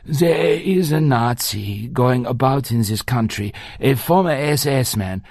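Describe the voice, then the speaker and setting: A grave older Nazi hunter with a German accent, voiced by a man reading an audiobook. He speaks slowly and formally, with an animated pitch. The sound is close and dry. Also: gravelly, no echo. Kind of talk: audiobook character voice.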